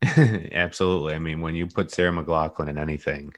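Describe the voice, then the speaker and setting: A man co-hosting a podcast, rambling and joking in casual chat, often trailing off quietly. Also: rumbling low, fairly even intonation, a little fast, dry recording, studio quality. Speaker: podcast co-host.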